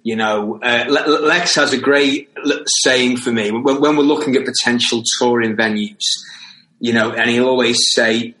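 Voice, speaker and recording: A man's voice: mid-range voice, moderate pace, pushed and bright, echoey room, poor audio. A man with a Scouse accent, a theatre company guest talking casually in an interview and often restarting and repeating words as he thinks. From England.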